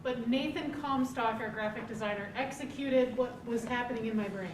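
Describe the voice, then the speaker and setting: A woman's voice: fairly high pitch, brisk, crowd noise, poor audio. A woman organizing the reading, chatting casually and encouraging the readers. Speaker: event organizer. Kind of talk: casual chat.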